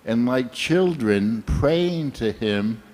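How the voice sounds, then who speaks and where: Older male temple speaker, slow, unhurried sermon, reflective storyteller, mid-pitched voice. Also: animated, a little mellow.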